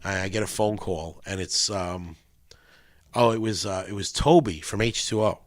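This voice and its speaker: Low-voiced man telling rambling stories. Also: normal speed, no room sound, studio quality. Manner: rambling storyteller acting out quotes, swears freely. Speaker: guest guitarist. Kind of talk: casual podcast interview.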